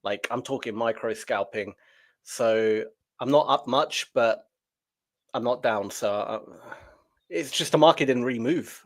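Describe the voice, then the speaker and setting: A relaxed man chatting about trades on a live stream. He talks over a remote call mic, loose and easygoing, and laughs easily. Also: medium pitch, measured pace. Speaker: trading coach. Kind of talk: casual live-stream chat.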